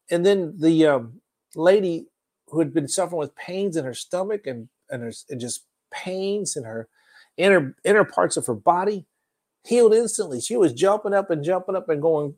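A man preaching a sermon, telling a testimony in an animated storytelling manner that swings between loud and soft. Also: a little high.

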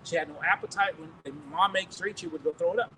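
High-voiced pastor telling animated stories. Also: male voice, fast talker, far from the mic, noisy background. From United States. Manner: animated, chuckling, restarting phrases. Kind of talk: storytelling sermon testimony.

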